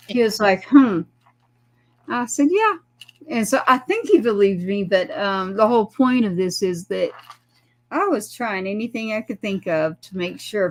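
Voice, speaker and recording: Middle-aged woman, gravelly, earnest rambling storyteller. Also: medium pitch. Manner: rambling, earnest, acts out quoted voices. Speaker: guest, military mother. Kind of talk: emotional personal storytelling.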